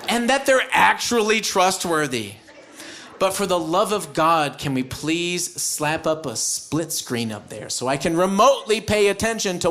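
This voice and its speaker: American male stand-up, high swooping voice, unhurried delivery, shouts his punchlines. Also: a little hiss or hum. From United States. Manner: animated, mock-shouting punchlines, loud impressions. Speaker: stand-up comedian. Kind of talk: live stand-up set. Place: comedy stage before a live audience.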